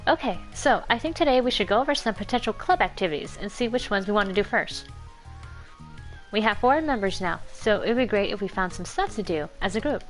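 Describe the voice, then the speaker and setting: A woman's voice: mid-range voice, expressive, fairly quick, faint music behind, natural voice. A woman voicing an earnest, uneasy teenage girl who leads a school club. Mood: upbeat.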